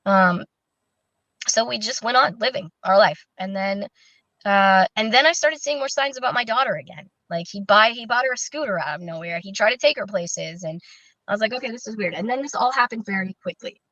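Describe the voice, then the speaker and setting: A woman being interviewed, recounting a personal story in a candid, halting way with many fillers and restarts. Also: mid-range voice, lively intonation, pushed and bright, no room sound. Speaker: interview guest. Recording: dull, dry lo-fi recording.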